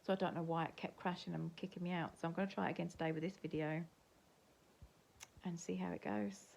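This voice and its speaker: A woman's voice: lowish voice, steady tone, fast talker, gravelly, darkish tone, a little hiss or hum. An older woman with an English accent, rambling chattily to camera in a casual home vlog. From England. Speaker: vlogger. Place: at home, indoors.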